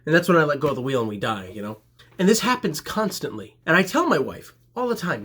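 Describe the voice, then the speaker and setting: A man telling a comedic story about himself in an animated, self-mocking way. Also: fairly high pitch, fast talker, breathy edge.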